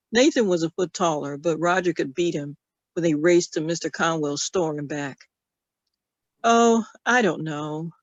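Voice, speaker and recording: Brief: author reading their book, steady narration, muffled dry call audio. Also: medium pitch, no echo. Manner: calm, even storytelling. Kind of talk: reading a story aloud. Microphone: computer mic on video call.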